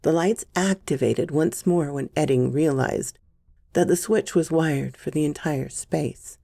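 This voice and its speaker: A woman reads a horror story in a measured, unhurried way, and her mellow voice carries a gravelly fry. She sounds close and dry, with faint music playing underneath. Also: low voice, no room sound. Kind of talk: scripted horror story narration.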